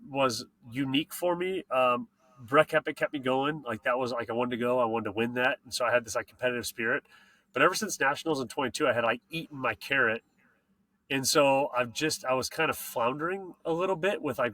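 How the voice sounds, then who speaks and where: A man hosting a casual podcast, talking about racing in an excited, slangy way that swears freely. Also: medium pitch. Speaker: podcast host and mountain bike racer.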